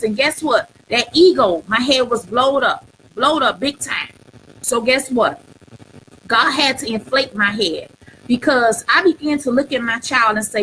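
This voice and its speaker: A woman's voice: fairly high pitch, expressive, normal speed, a bit bright, slight background noise, rough recording. Earnest middle-aged woman host. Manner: earnest, preacher-like, repeats phrases for emphasis. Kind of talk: live testimony talk show.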